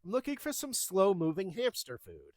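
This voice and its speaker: A woman's voice: medium pitch, very animated, normal speed, a little mellow, no echo, clean studio sound. A man voicing a confused middle-aged woman customer who talks earnestly and keeps pleading her case.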